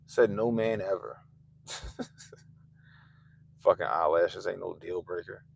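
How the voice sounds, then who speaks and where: A man hosting a livestream, ranting casually and swearing constantly, swinging between loud outbursts and low mutters. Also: fairly even intonation, measured pace, vocal fry, long pauses, dull audio, slight background noise. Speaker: livestream host. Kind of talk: profane casual rant. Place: Baltimore.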